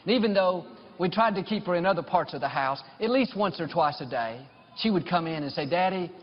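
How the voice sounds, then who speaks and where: Middle-aged man, pastor preaching, fairly high voice, long hall reverb, dull lo-fi sound. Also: slight background noise. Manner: storytelling, building to fervent declarations. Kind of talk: sermon.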